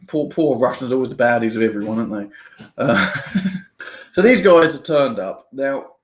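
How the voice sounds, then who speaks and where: A man giving a casual spoiler review of a book, chatty and rambling, laughing often and restarting his sentences. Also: medium pitch. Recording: roomy echo.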